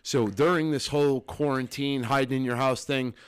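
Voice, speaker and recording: A man's voice: medium pitch, fairly even intonation, normal speed, smooth. A man co-hosting a podcast in casual, joking banter with lots of laughter and some swearing. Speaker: podcast co-host. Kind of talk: casual chat. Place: home studio.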